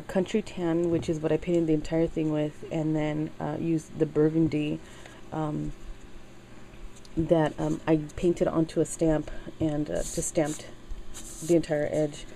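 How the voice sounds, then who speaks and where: A middle-aged woman chatting casually in a craft video, halting with many fillers and getting teary as she talks. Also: low voice, gravelly, mellow, a little hiss or hum, low-quality recording. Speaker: crafting channel host.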